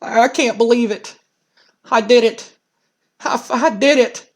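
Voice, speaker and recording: A man's voice: extremely high pitch, takes it slowly. A man voicing a gushing underdog wrestler. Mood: triumphant. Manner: breathless, gushing, repeating himself. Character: tearful overjoyed underdog male wrestler. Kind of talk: let's play narration.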